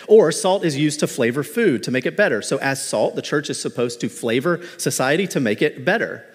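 A man pastor preaching a sermon in a conversational, animated way, mixing in light humor, in a church. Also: fairly high pitch, fairly quick, breathy edge, in a large hall. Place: church sanctuary.

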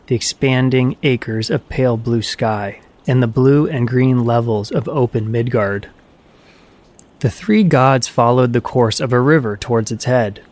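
A man reading a story aloud as a steady, scripted narration. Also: medium pitch.

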